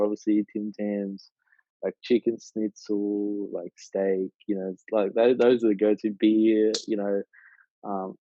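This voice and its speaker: Here a man in his twenties from Australia chats loosely on a podcast as a guest, rambling and restarting with many fillers. The pitch is fairly low and the tone dark, captured in a dull, dry lo-fi recording with no room sound.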